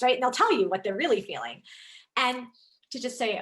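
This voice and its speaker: Her voice is a little high and a little quick: she's a leadership coach in her thirties delivering an upbeat online presentation on a video call. She's animated and talkative, leaning on lots of fillers.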